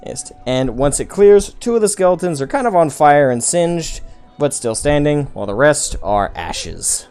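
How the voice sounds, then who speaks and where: A man's voice: on the high side, sing-song, normal speed, darkish tone, smooth. Guy dm narrating a dice game, easygoing, lots of "like" and "kind of", bit of music under it. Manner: loose descriptive narration full of "like" and "kind of". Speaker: game master.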